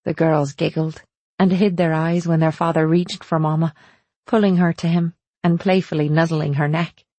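A woman reading a first-person story as an audiobook narrator, steady and measured. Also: deep voice, no echo.

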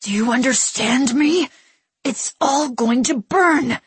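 A man's voice: high-pitched, takes it slowly, a bit bright, slightly rough, no room sound, heavily acted. A woman voicing a desperate, domineering man who snarls, his tone ragged with fear. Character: desperate, domineering young male captor.

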